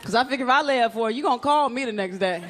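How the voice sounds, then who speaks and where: Rapid-fire and a little high-voiced, a woman does a brash, playful stand-up set on a comedy club stage. She acts out bits for the live audience, whose laughter and noise come through on the recording.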